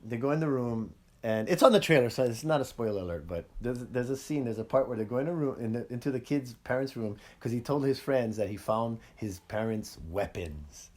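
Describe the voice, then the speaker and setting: A man hosting a casual podcast, chatting about movies, acting out scenes in funny voices and laughing often. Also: on the high side. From Hawaii. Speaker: podcast host.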